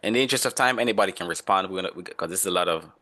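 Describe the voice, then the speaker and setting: A man with a low voice leads an online lesson. He talks in a relaxed, conversational way and stops often to quiz students by name. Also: racing. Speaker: instructor. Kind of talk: online class lecture.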